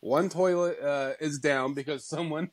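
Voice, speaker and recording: Guy in his 30s, bit high voice, rambling podcast talk full of likes and ums, laughs a lot. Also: fairly even intonation, a little slow, low-quality recording. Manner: rambling, filler-heavy, laughs often. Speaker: podcast co-host. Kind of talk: casual chat.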